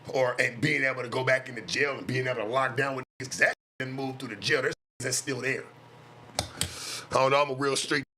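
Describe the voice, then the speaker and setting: A man's voice: mid-range voice, fairly even intonation, a little fast, pushed and bright, a little hiss or hum. A man with an American West Coast street accent, ranting on a casual livestream in blunt, profane street talk and repeating himself for emphasis. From West Coast of the United States. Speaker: streamer and self-styled life coach.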